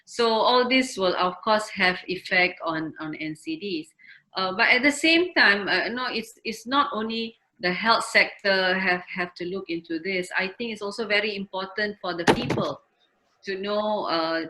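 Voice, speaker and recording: A woman's voice: medium pitch, normal speed, bright, forceful tone, rough recording. A middle-aged woman, a health ministry official, speaking earnestly on a webinar panel over a video call with many fillers and restarts. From Malaysia.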